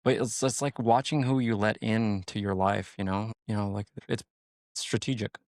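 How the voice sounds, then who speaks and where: A man's voice: lowish voice, level tone, normal speed, a little mellow, no room sound, clean studio sound. A man, a sheriff's deputy, talking in a casual podcast chat, rambling with lots of "like" and "you know" and swearing freely.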